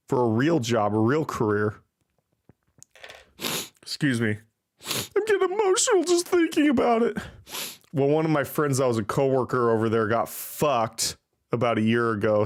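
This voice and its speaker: A man hosting a casual livestream, rambling and self-deprecating with plenty of swearing. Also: medium pitch. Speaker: livestream host. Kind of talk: casual live-stream chat.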